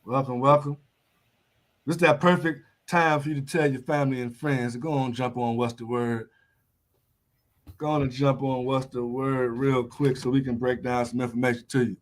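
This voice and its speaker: A man's voice: medium pitch, fairly even intonation, moderate pace. A man hosting a business motivation livestream, hyping it up with catchphrases. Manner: hype, shouting catchphrases. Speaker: host. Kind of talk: upbeat business livestream chat.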